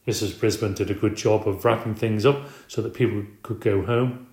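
A man narrating a children's story in an expressive, conversational audiobook reading. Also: lowish voice, normal speed. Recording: roomy echo.

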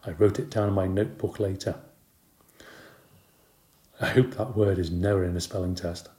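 A man narrating a children's storybook in a lively, expressive way. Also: low-pitched, moderate pace, roomy sound.

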